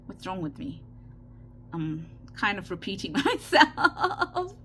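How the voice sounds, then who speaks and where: A woman's voice: mid-range voice, very animated, slow, sharp tone, a little hiss or hum. A woman with a South African Indian accent hosting a casual craft tutorial, chatty and given to repeating herself with frequent "okay" check-ins. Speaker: craft channel host.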